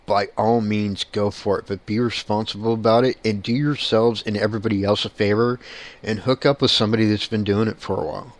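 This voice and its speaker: A man's voice: on the low side, little pitch movement, brisk. A man who is a paranormal investigator, talking bluntly in a casual monologue and swearing casually.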